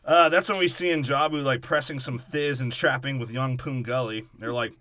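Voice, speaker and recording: A man's voice: medium pitch, fairly even intonation, moderate pace, pushed and bright, a little hiss or hum. A man co-hosting a podcast, joking crudely and profanely through a movie breakdown, often slipping into mocking voices. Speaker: podcast co-host.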